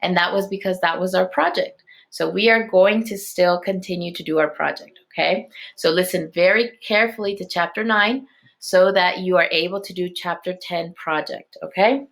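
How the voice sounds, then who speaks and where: A woman's voice: fairly low pitch, moderate pace, a bit bright. A woman elementary teacher reading a chapter book aloud to her class, stopping to explain and check in.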